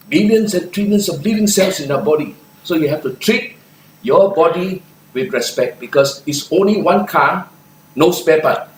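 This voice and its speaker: Older singaporean man, motivational speaker, punchy and animated, recorded far off in an echoey hall. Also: a little high, a little hiss or hum. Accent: Singaporean English. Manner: animated, punchy, with laughs and shouted chants. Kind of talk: lively motivational talk. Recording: echoey room, far from mic.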